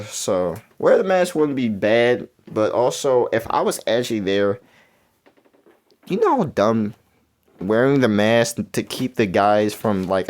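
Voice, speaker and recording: A young man talking through a video game quiz in casual, rambling commentary, mumbling and then jumping into excited outbursts. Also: fairly low pitch. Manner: rambling, self-correcting, swings between mumbling and excited outbursts. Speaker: gaming YouTuber.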